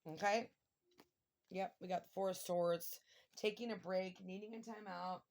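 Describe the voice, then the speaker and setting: A woman's voice: medium pitch, fairly even intonation, normal speed, darkish tone, a little hiss or hum. A middle-aged woman doing a casual tarot reading, talking emotionally and exclaiming, close to tears at times. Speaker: tarot reader.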